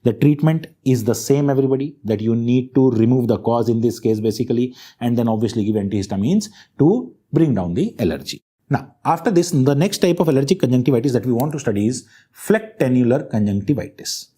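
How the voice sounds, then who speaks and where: A man's voice: mid-range voice, lively intonation, fairly quick, dark tone, breathy edge. A man giving a medical lecture, stressing key terms and often checking in with his students. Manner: emphatic, keeps checking in with the class. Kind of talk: classroom lecture.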